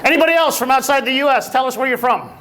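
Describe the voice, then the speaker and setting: A man with a strikingly high voice works the room as emcee at a luncheon. He teases and chats with the crowd in a loose, playful way. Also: very fast, pushed and bright. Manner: playful, teasing, chatty with the audience. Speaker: event emcee. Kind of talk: lively crowd work at a luncheon.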